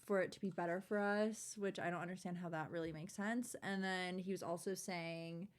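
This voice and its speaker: A woman's voice: on the low side, steady tone, moderate pace. A woman in her twenties, a podcast guest, telling a personal story in candid, chatty talk full of "like" and swearing. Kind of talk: casual chat.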